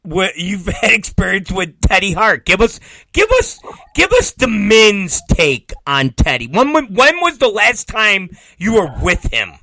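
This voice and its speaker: A man's voice: sits high, wildly swooping pitch, a little slow, bright, forceful tone, no room sound. A man hosting a podcast in casual chat, loose and joking, mocking himself and swearing. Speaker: podcast host.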